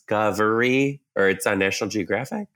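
A young man co-hosting a casual podcast, animated and joking with quick asides. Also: fairly low pitch. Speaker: podcast co-host. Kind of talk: casual chat.

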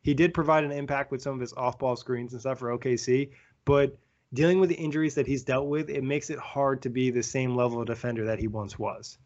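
A man talking basketball in a quick, analytical rush, leaning on "like" and "you know". His voice sits at an ordinary pitch. The recording sounds dull and lo-fi. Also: fairly even intonation, darkish tone. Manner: quick, analytical, frequent fillers. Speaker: basketball podcast co-host. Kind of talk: casual sports chat.

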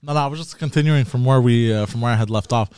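A man's voice: mid-range voice, quick pace, darkish tone, clean tone, dry recording, studio quality. A man casually telling a long, rambling story with profanity and frequent restarts.

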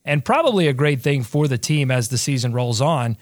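Guy with a cold on a sports pod, dry mic, thinks out loud. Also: medium pitch, lively intonation, a little fast, no echo. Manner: thoughtful, rambling analysis. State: has a cold, voice deeper than usual. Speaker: podcast co-host. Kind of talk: casual sports podcast chat.

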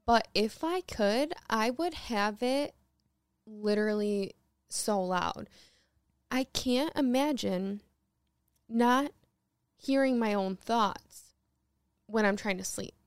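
A young woman co-hosting a podcast, telling stories in a lively way and acting out what others said, laughing as she goes. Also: a little high, slow pace, long pauses, smooth, no room sound, clean studio sound. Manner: animated storytelling, acts out quotes with laughter. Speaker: podcast co-host. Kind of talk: casual chat.

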